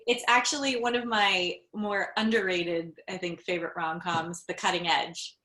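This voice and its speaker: A woman judging a spelling game show online, chatty and quick to laugh. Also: fairly low pitch, fairly even intonation, sharp tone. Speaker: judge and show creator. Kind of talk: casual game-show banter. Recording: roomy echo.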